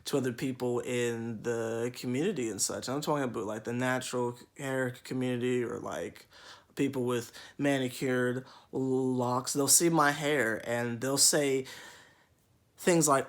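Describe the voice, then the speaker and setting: A man's voice: mid-range voice, fairly even intonation, a little slow. A young man vlogging casually to camera, rambling with many restarts and mock-quoting other people. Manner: rambling, with repeated restarts and mocking quoted voices.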